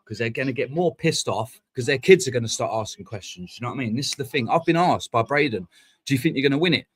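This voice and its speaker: A man, talking straight into a streaming mic. He rants in a heated, sweary, rapid-fire way, piling one point onto the next and swearing freely, at a middling pitch for a man. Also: expressive, slightly rough. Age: 40s. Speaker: fan channel host. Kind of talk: casual live-stream rant.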